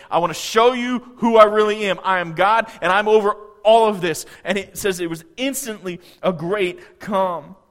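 A man preaching a sermon, animated, swinging between soft, quiet stretches and loud outbursts. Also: high voice. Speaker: pastor. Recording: long church-hall reverb.

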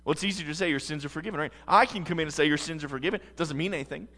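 A man's voice: a little high, racing, a bit bright, big-room sound. A man preaching a sermon as pastor, earnest and emphatic.

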